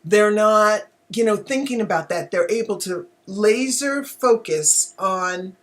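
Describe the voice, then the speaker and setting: A woman's voice: medium pitch, slow pace. A woman hosting a live online talk show on animal communication, speaking casually and emotionally, often exclaiming and laughing.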